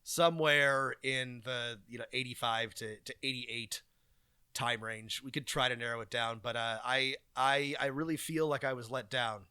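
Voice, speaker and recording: A man's voice: mid-range voice, steady tone, moderate pace, sharp tone, clean tone, dry recording, clean studio sound. A man co-hosting a podcast in casual chat, rambling and hesitant with many ums and restarts. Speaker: podcast co-host.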